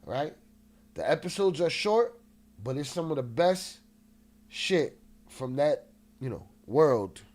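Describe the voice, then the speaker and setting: A man's voice: fairly high pitch, big pitch swings, takes it slowly, long pauses. Man, livestream host, casual chat, agitated, swears, slightly nasal. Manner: restless and agitated, swears freely, shouts out chat.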